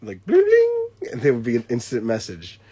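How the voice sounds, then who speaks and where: A man's voice: mid-range voice, fast, a crowd in the background. A man chatting casually, telling anecdotes, mimicking other people's voices and sound effects, laughing often. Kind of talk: casual storytelling chat.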